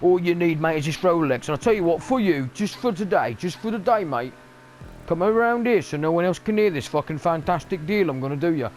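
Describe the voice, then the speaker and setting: A man's voice: on the high side, expressive, brisk, slight background noise, lightly acted. A man voicing a pushy male street hustler who swears through a wheedling hard sell.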